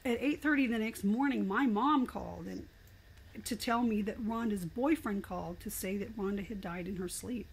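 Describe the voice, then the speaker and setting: An older woman, a guest in an interview, telling her story in an animated, expressive way. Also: mid-range voice, normal speed, vocal fry.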